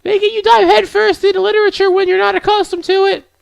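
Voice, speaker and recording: A man voicing a confident teenage girl who leads a school club, teasing and smooth, while playing a visual novel. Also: very high-pitched, little pitch movement, fast talker, dry recording, pitched above the performer's own voice, exaggerated voice. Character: poised, confident teen girl club president.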